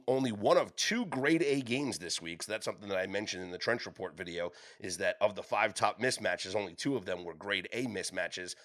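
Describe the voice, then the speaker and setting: A man's voice: on the low side, a bit bright. A man hosting a sports betting podcast, leading the rundown in a casual chat and often stumbling over repeated words.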